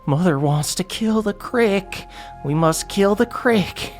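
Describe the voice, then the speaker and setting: A man voicing a fungal monster that mimics a woman, chanting in short, flat phrases. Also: high-pitched, slow, faint music behind, voice pushed up, exaggerated voice. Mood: eerie.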